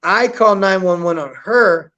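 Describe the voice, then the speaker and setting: A man with a high voice tells a story in blunt, profane, casual chat. He acts out quotes with a lot of energy. The recording sounds dull and lo-fi. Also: measured pace, bright, forceful tone.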